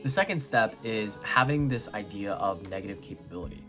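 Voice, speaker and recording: A young American man from New York giving a casual, chatty book review, full of filler words and quick laughs. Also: lowish voice, expressive, pushed and bright, soft background music.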